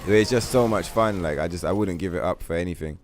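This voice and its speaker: A man's voice: sits low, quick pace, a little hiss or hum. A man chatting casually and profanely while streaming a game, rambling through long comparisons and laughing. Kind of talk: casual gaming livestream chat.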